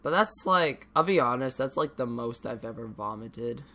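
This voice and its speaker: A man's voice: mid-range voice, lively intonation, moderate pace, bright, forceful tone. A teenage boy vlogging in a casual, rambling way, ranting and swearing freely with lots of fillers. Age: teens.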